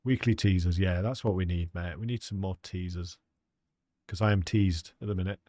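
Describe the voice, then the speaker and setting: A man's voice: sits low, fairly even intonation, normal speed, mellow, no room sound, studio quality. A man giving chatty, rambling live commentary as he plays a hunting game and talks to his chat. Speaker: game streamer.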